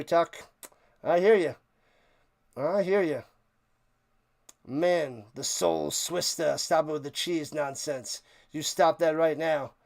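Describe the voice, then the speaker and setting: A man hosting a sports live stream, chatting excitedly and a bit out of breath as he signs off to his viewers. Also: high-pitched. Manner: excited, rambling, talks to chat viewers. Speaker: sports livestream host. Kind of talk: casual live-stream sign-off chat.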